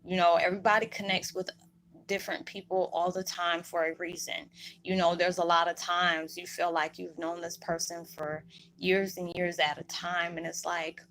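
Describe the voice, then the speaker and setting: Woman vlogging, kinda choked up, low steady voice, rambling heartfelt talk to y'all. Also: moderate pace, rough recording. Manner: rambling, emotional, addresses viewers as y'all. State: emotional, holding back tears. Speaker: spiritual vlogger. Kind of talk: heartfelt casual monologue to viewers.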